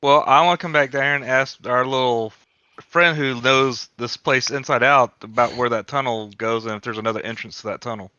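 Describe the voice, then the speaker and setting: A man playing a tabletop game, speaking in a persuasive, measured way. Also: mid-range voice, pushed and bright, clear, resonant tone, no room sound, lo-fi sound. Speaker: player. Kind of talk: tabletop role-play.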